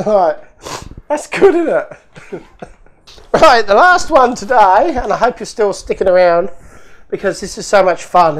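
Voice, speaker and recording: A man hosting a toy car channel, chatting casually and excitedly as he opens fan mail, laughing often. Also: high-pitched. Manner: excitable, laughs often, talks to himself while opening parcels. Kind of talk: casual unboxing commentary.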